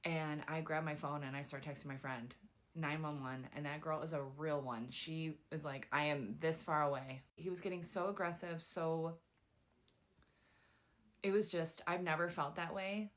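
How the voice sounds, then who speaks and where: A young woman casually telling a dating story, chatty and animated, with lots of "like" fillers. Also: low voice, moderate pace.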